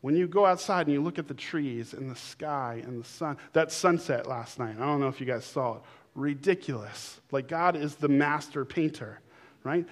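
Animated high-voiced male preacher. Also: normal speed. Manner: animated, conversational preaching with bursts of shouting. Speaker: pastor. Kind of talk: sermon. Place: church sanctuary.

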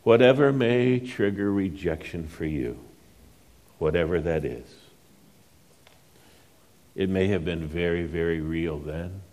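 Male pastor, deep low voice, unhurried sermon storyteller who sinks to a hush to drive points home.

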